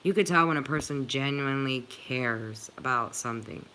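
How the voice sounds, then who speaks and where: A woman's voice: a bass voice, moderate pace, sharp tone, a little hiss or hum. A woman hosting a livestream, chatting earnestly and emotionally with viewers, with many filler "likes". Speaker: channel host reading live chat.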